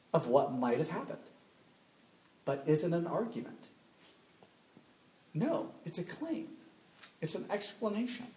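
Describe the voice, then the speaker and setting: A man speaking to a live audience, animated and emphatic, firing off rhetorical questions and repeating key points. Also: fairly high pitch. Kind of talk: live talk with call-and-response. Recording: echoey room.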